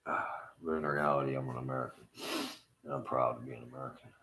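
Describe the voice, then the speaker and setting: A man's voice: rumbling low, fairly even intonation, fast talker, pushed and bright, low-quality recording. A man livestreaming a rambling, casual monologue, swearing often and trailing off into fillers. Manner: profane, meandering, full of fillers.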